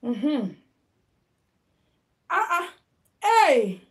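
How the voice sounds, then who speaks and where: A Nigerian woman hosts a live headwrap tutorial stream on her phone, her high, sing-song voice drawing words out. She chats casually with viewers, mixes in Pidgin, and greets people by name.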